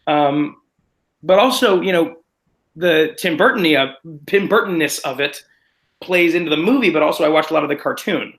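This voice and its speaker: A man, a stage actor, chatting in an interview in an animated, self-deprecating, rambling way. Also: on the high side, moderate pace, rough recording. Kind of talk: casual interview chat.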